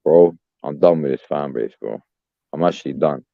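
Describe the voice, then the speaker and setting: A man's voice: a bass voice, moderate pace, gravelly, no room sound. A young man ranting as a podcast co-host, profane and exasperated, saying "bruv" constantly. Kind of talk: heated fan rant. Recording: dull, dry lo-fi sound.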